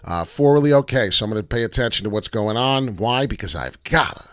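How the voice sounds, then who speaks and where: A man's voice: lowish voice, expressive, a little fast, no echo. A man giving casual, brash live commentary on price charts, rambling and swearing freely. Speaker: crypto chart analyst streamer.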